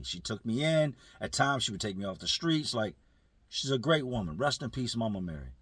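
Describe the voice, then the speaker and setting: A man's voice: medium pitch, fairly bright tone, slightly rough, no room sound. A man telling a prison story casually to viewers, using street slang and speaking to them directly.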